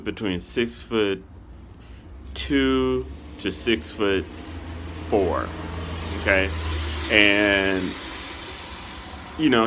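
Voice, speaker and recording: A man from Kansas City, Missouri, telling a casual story to his channel's viewers, rambling and filling pauses with "okay" and "you know.". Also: on the low side, bright, forceful tone, slight background noise.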